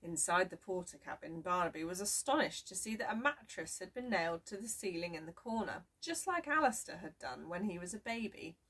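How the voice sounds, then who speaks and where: Lady reading a kids book out loud, kinda breathy, mic set back. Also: on the low side, expressive, fairly quick, few pauses, recorded from a distance. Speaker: reader. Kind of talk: storybook reading aloud.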